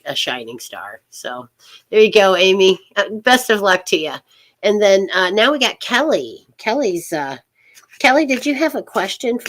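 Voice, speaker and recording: A middle-aged woman hosting a casual live tarot reading, rambling and halting, with many fillers and soft laughs. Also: on the low side, a little hiss or hum.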